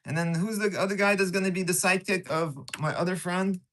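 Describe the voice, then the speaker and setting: A man with a slightly raised pitch hosts a casual live stream and talks straight to his viewers. He is excitable and teasing, and he jumps from one chat message to the next. He is recorded on a camera set on a tripod. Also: brisk.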